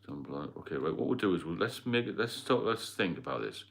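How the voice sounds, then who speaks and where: A man's voice: deep voice, very animated, fast, creaky. A middle-aged man with a mixed Geordie and London accent, hosting a casual livestream chat and rambling as he answers viewer comments. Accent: Geordie and London mix. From Northeast England. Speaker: livestream host.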